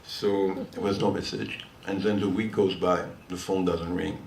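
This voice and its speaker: A man's voice: low voice, steady tone, moderate pace, vocal fry. An older man from France with a French accent, a guitarist telling a long, rambling anecdote between songs on stage. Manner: chatty, rambling, often laughing as he tells it. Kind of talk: storytelling between songs at a concert. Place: listening hall before a live audience. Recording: roomy hall sound from far off, faint noise.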